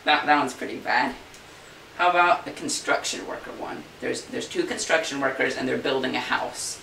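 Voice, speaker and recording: Gravelly, bright-voiced balloon man telling jokes. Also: mid-range voice, normal speed. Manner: folksy, chatty, slips into funny voices for characters. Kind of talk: casual joke telling to camera. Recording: roomy echo, far from mic, faint hiss.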